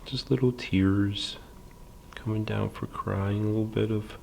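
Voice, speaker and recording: A man teaching a library drawing lesson step by step, calm and patient, with many fillers and soft half-whispers while he draws. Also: lowish voice, measured pace, creaky, a little hiss or hum.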